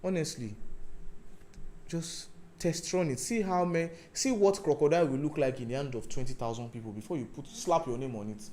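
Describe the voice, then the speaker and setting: A man giving a lively talk on stage. He acts out phone calls with sudden loud outbursts and keeps asking his listeners if they understand. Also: fairly high pitch, brisk, slight background noise. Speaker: speaker.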